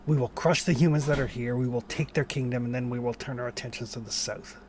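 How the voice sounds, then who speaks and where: A boastful troll warlord from a tabletop game, full of plans for conquest, quoted by a man in his own voice. The delivery stays close to an ordinary speaking voice at a middling pitch, with a faint hum of room noise behind it. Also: steady tone, quick pace, a little mellow, lightly acted. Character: scheming male troll warlord.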